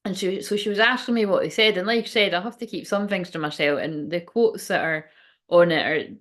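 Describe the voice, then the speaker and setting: A woman's voice: fairly low pitch, fairly quick, a bit bright. A woman who works as a spiritual medium, rambling chattily and emotionally on a live stream and laughing often. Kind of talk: casual live-stream chat.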